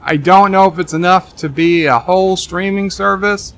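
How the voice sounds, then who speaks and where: Man, game streamer, gravelly rasp, fairly high voice, deadpan jokes, rambling live-stream chat reading. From Texas. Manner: joking, deadpan replies to viewer comments; rambling asides with many restarts.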